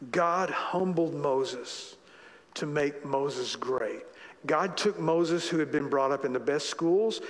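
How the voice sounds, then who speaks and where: A man's voice: on the high side, slow, big-room sound. A man preaching a sermon as pastor, talking conversationally and repeating phrases for emphasis. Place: church sanctuary.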